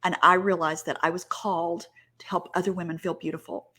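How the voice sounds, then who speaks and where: A middle-aged woman speaks with a bright, ringing voice as she shares a personal story from her working life. She talks in an earnest, heartfelt, chatty way, with fillers and restarts, and sometimes gets choked up. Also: lowish voice, little pitch movement, fairly quick, slightly rough. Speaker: sales director giving a talk.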